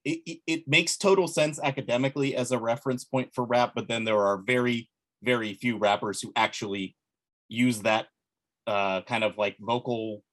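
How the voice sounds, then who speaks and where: A man with an average-pitched voice muses at length in casual podcast talk. He wanders through his thoughts and swears now and then. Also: steady tone, moderate pace, a bit bright. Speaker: podcast co-host. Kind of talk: casual chat.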